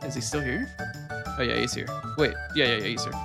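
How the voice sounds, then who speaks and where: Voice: medium pitch, brisk, vocal fry. A gaming streamer chatting casually and rambling through a playthrough, swearing freely and joking about themself, with game music in the background. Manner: rambling, profane and self-deprecating. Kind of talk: casual let's-play commentary.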